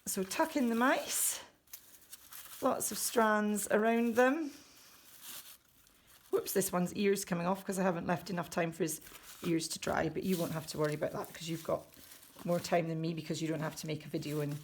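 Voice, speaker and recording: A woman's voice: fairly low pitch, steady tone, a little fast, slight background noise. A woman at home walking children through a craft, chatty and jokey, narrating each step as she works. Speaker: children's book author leading a craft.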